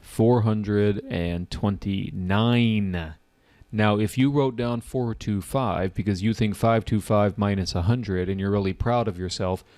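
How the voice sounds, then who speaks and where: Animated man teaching test prep. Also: on the low side. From United States. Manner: animated, acts out test takers' reactions. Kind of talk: online class teaching.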